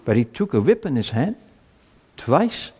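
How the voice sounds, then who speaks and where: A man's voice: medium pitch, very animated, unhurried, mellow, slightly rough, lo-fi sound. A male pastor giving a sermon in a church, earnest and emphatic, his voice climbing as he presses his points. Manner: earnest, emphatic preaching with rising intensity. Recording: long reverb of a church hall.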